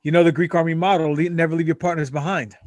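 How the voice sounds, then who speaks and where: A man's voice: a little high, level tone, fast, no room sound. A man guesting on a podcast, boasting and joking while staying in his wrestling persona. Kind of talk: casual chat.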